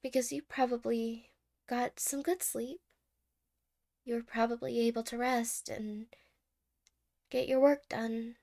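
A woman's voice: a little high, little pitch movement, slow, vocal fry, pauses often. A woman playing a clingy, stammering girlfriend, whispered role-play. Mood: anxious, teary. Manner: soft-spoken, stammering, apologetic. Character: clingy anxious young woman, a doting girlfriend. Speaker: ASMR role-play creator.

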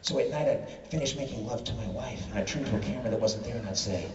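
A man performing an animated stand-up comedy routine in a large theater, shouting punchlines over a loud crowd. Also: medium pitch, quick pace, a little hiss or hum. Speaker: comedian on stage. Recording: far, roomy, lo-fi concert audio with loud crowd. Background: loud audience laughter and cheering.

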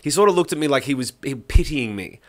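A man's voice: mid-range voice, animated, fast. A middle-aged man on a podcast, casually telling a rambling story and often restarting his sentences. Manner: rambling, self-interrupting anecdotes. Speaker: podcast host.

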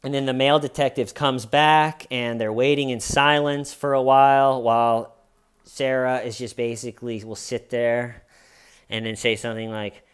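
A man walks through an interrogation in a casual, lively retelling. He keeps slipping into the voices of the people he quotes. His tone is smooth and clear at an ordinary pitch. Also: moderate pace. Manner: animated storyteller, mimics the people he quotes. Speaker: true crime commentator.

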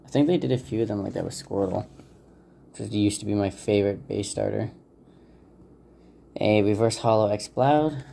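A man hosting a casual card-pack opening video, talking in a relaxed, hesitant way with frequent fillers and unsure pronunciations. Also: fairly low pitch, normal speed, creaky, long pauses, slight background noise. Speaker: channel host opening trading card packs. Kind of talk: casual unboxing commentary.

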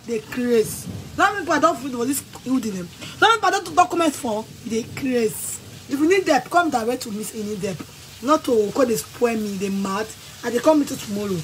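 A woman with a Nigerian accent, ranting angrily and scolding someone in bursts of shouting and threats. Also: a little high, fairly quick, slight background noise, poor audio. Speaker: vlogger. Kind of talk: angry rant to camera.

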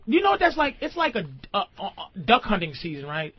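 A man hosting a radio talk show rants loudly, with crude, argumentative energy. His pitch leaps and dips in a very lively way. The recording sounds dull and lo-fi. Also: fairly quick, slightly rough, no echo. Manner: loud, profane, argumentative ranting. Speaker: host.

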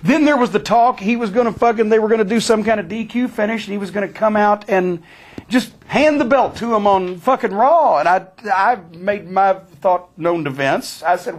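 High-voiced, foul-mouthed storytelling man. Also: moderate pace. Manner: blunt, heavy swearing, animated retelling. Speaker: interviewee. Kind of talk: profane storytelling.

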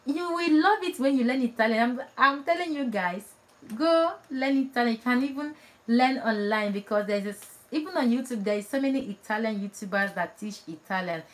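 Slightly high and a bit fast, the animated voice belongs to a Nigerian vlogger with a Nigerian accent whose native tongue is Igbo. She chats warmly with live viewers, laughing often and restarting phrases.

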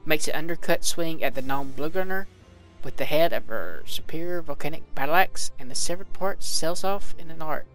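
Guy narrating his game, reading the fight log out loud, chatty asides, soft music under it. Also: a little high, moderate pace, low-quality recording. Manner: reads game text aloud with casual asides. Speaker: let's play commentator. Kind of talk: game commentary reading combat logs.

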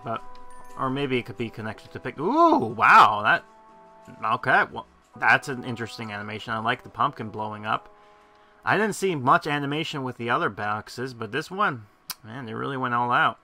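A man narrating his gameplay in a loose, rambling way, often correcting himself mid-sentence. His voice is very bright and crisp at a middle pitch. Faint game music plays behind him. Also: animated, moderate pace. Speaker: game commentator. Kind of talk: gameplay commentary.

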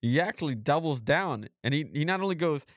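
A man's voice: fairly high pitch, lively intonation, a little fast, no echo, studio quality. A man hosting a podcast, preaching emphatically, reading scripture and repeating phrases for emphasis. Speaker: podcast host.

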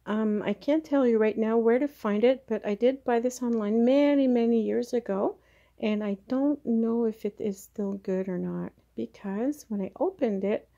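Working with her hands while she chats, this plant grower casually demonstrates propagation in a slightly high, mellow voice with vocal fry. She speaks at normal speed and a bit hesitantly; the very close camera mic recording has its highs cut off.

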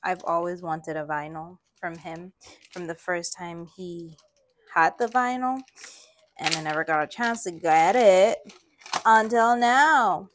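A young woman from Latin America, vlogging an excited unboxing and gushing with delight. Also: lowish voice, slow, background noise. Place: in the Philippines.

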